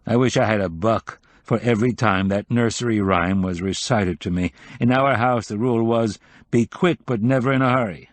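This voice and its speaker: A man's voice: lowish voice, moderate pace, dry recording, lightly acted. A man voicing a wry, rambling middle-aged journalist in an audiobook.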